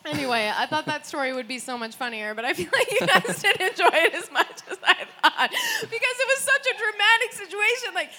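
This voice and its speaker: A young woman tells a rambling story to a group in a high voice, laughing through her lines and cursing freely. Her tone is bright and sharp, and she jumps into loud, dramatic voices when she quotes people. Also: brisk, few pauses. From United States. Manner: animated, laughing often, swearing, acting out quotes.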